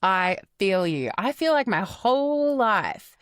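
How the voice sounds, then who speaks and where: An Australian woman co-hosting a podcast, talking casually with an expressive, jokey manner. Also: medium pitch, takes it slowly, smooth, no room sound, studio quality. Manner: expressive and jokey, calls people bestie. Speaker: podcast co-host. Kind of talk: casual chat.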